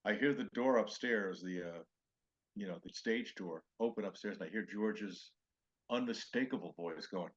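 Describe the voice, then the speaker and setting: An older male comedian with a low, husky voice tells stories from his career. He jumps into quoted voices and back, and the sound is dull and lo-fi. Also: moderate pace. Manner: animated anecdotes with acted-out quotes. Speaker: comedian guest. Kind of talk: storytelling interview chat.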